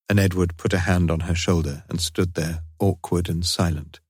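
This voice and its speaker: A man narrating an audiobook in a steady, unhurried reading voice. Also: low voice, breathy edge, no echo, studio quality. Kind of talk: scripted narration.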